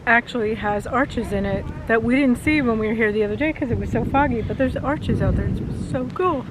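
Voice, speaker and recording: A woman's voice: on the high side, fairly quick. A woman co-hosting a casual vlog outdoors, talking with eager enthusiasm. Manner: enthusiastic, gushing. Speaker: vlog co-host. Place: outdoors on a coastal cape. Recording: noisy outdoor camera audio.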